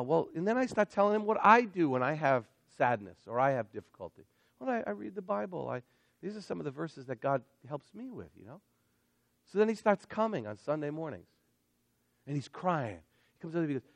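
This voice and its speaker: A male pastor preaching a sermon in an animated way, swinging between loud emphatic lines and hushed asides. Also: high voice, vocal fry, dry recording.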